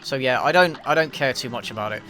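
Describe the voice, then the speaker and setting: An English YouTube reviewer streaming a game chats offhandedly and fast, answering viewers with dry, self-deprecating humor. His voice is bright-toned at a middling pitch, with faint music playing underneath.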